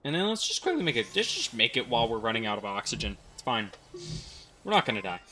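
A young man commentating his own gameplay, thinking aloud, swearing and getting excited. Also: medium pitch, fast. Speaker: gaming streamer.

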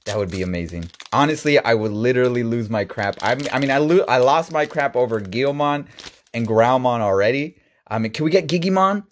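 A man hosting a casual card-opening video, excitable and quick to burst into shouts, often stumbling over names. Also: medium pitch. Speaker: YouTube host.

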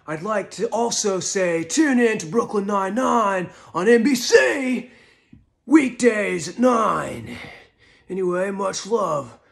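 A man plays a theatrical movie star who keeps lurching into shouts. The voice is raised and hammy, with a gravelly edge. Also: high voice, animated, slow pace, voice pushed up, full character voice. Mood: manic. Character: loud, eccentric male movie star.

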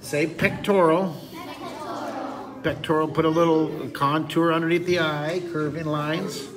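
A man's voice: on the high side, steady tone, normal speed, recorded from a distance, crowd noise. A middle-aged man teaching a drawing lesson in a playful, goofy way, full of teasing jokes, with an audience of kids behind him. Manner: goofy, teasing, jokey asides.

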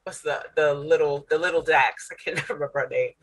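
A woman co-hosting a podcast, teasing and laughing through quick asides. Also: low voice, steady tone, rough recording. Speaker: podcast co-host. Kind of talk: casual fan chat.

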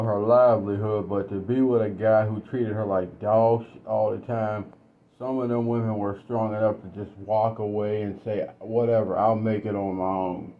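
A man's voice: lowish voice, a little hiss or hum. A man giving a blunt, casual storytelling monologue. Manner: blunt, conversational. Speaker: commentator. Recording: dull lo-fi recording.

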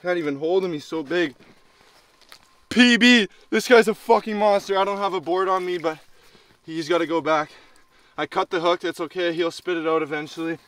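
A young man vlogging while ice fishing in a small flip-up shelter. He talks casually and swears freely, breaking into loud excited exclamations. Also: high-pitched, moderate pace.

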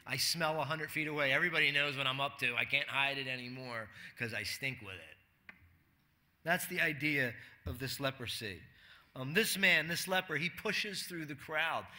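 A man's voice: medium pitch, moderate pace, bright, forceful tone. A man preaching a sermon to a church congregation in a conversational way, asking the room questions and acting out quotes. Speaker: pastor.

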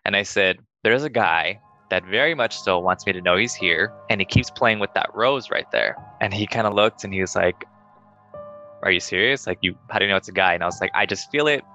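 A young man casually telling a ghost story to friends, animated and acting out the voices he quotes. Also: a little fast, muffled recording, faint music behind. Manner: animated, acts out quoted voices in higher pitch.

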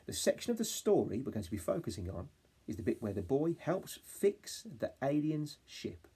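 A young male teacher from England talking to young children in a home-learning phonics lesson, saying words slowly sound by sound and prompting them to repeat after him. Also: mid-range voice, sing-song, mellow, slightly rough. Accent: English. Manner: slow, sound-by-sound modelling with call-and-response prompts. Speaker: reception class teacher.

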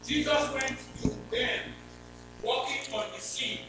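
A man reading scripture aloud in church, slow and steady. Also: extremely high pitch. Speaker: scripture reader. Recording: echoey hall with mains hum.

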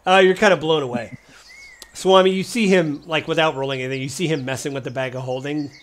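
A man's voice: a little high, fast talker, fairly bright tone, slight background noise. Chatty, rambling male game master. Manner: casual, rambling, frequent fillers and laughs. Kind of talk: narrating a tabletop game.

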